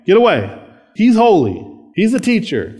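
A man's voice: high voice, wildly swooping pitch, normal speed, darkish tone, husky, soft background music, pitched above the performer's own voice, exaggerated voice. A man acting out disciples brusquely shooing children away from their teacher. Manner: brusque, dismissive.

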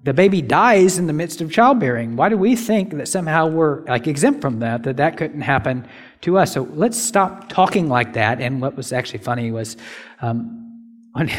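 A young man preaching a casual, emphatic sermon, full of rhetorical questions and asides. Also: mid-range voice. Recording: long reverb of a hall.

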